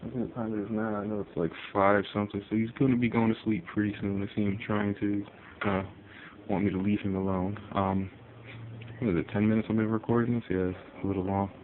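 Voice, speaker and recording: Deep-voiced man on a tinny phone. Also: fairly quick, slight background noise. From Connecticut, US. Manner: rambling, relaxed, many fillers. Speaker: pet owner. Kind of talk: casual phone vlog. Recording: tinny phone audio with faint ambience.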